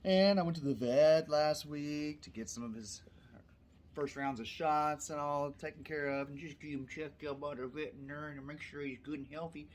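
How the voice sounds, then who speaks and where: A man's voice: a little high, moderate pace, slight background noise. A man telling a story in a casual vlog, rambling and chatty, now and then breaking off to scold a puppy. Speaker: vlogger. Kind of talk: casual chat.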